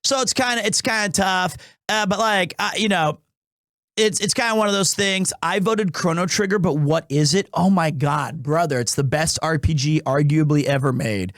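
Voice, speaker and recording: A man's voice: a little high, normal speed, fairly bright tone, no echo, studio quality. A man streaming live, chatting casually and jokingly with his viewers, rambling along with frequent restarts and self-corrections. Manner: joking and playful with chat.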